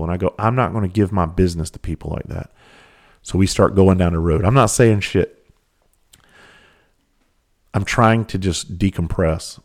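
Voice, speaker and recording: A man telling a personal story in a blunt, profane, fired-up way, then dropping quiet. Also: low-pitched.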